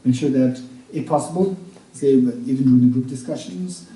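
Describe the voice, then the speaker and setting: A man teaching Buddhist practice at a retreat, repeating each point slowly as if dictating, with halting restarts and check-ins with his listeners. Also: medium pitch, warm tone. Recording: roomy room, speaker far from mic.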